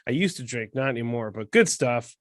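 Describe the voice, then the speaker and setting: A man hosting a casual sports podcast, chatty and quick to joke at his own expense. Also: medium pitch, expressive, dry recording, clean studio sound. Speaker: podcast host.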